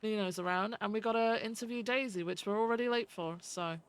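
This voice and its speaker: A woman's voice: medium pitch, fairly quick, clear, resonant tone. A woman streaming a police role-play game, chatting loosely and swearing freely as she greets her viewers by name. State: feels she is losing her voice. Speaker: streamer playing a police lieutenant. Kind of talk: casual live-stream chat and role-play.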